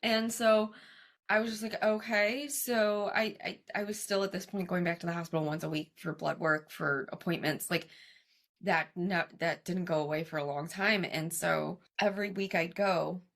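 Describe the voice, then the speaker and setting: A young woman with a low, gravelly voice tells her story in a relaxed interview. She talks in a lively way, acts out other people's lines, and laughs often. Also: normal speed. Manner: animated, quotes herself and others, laughs often. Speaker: guest, cancer survivor and coach.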